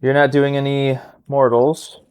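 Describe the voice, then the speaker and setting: A man's voice: medium pitch, little pitch movement, measured pace, a little mellow, clear, resonant tone. A man in casual banter over a tabletop wargame. He is playful and easily hyped, tossing in jokey little asides between rolls. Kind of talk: casual battle report banter.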